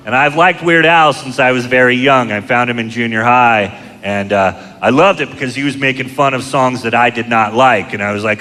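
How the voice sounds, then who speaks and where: Middle-aged male stand-up, crude and deadpan, bright edgy tone, live club with a long hall echo and a faint crowd. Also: mid-range voice, brisk, hardly any pauses. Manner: deadpan, crude, self-mocking storytelling. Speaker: stand-up comedian. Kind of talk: stand-up comedy set. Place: comedy club stage. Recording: live club show, long hall reverb, audience noise. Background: audience laughter.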